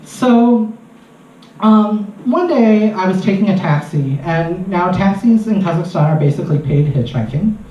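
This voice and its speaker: A man, a researcher doing stand-up, telling a comic story on stage in an animated way and laughing at his own lines. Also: sits high, a little slow, a little hiss or hum. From United States. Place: live comedy venue. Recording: distant, roomy, muffled live recording.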